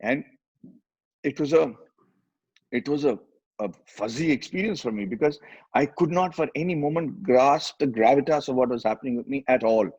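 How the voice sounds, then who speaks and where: A middle-aged man with an Indian English accent, telling animated stories in a casual chat and acting out the voices he quotes. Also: medium pitch, moderate pace, slightly rough, no echo, dull audio. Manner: animated, switches between English and Hindi, acts out quoted voices. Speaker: guest, film actor.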